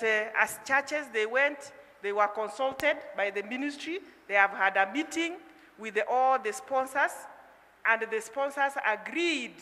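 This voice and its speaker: A woman, a county education director, gives instructions in a direct way. Her voice is bright and a bit high. The hall adds a long reverb. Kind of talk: official address.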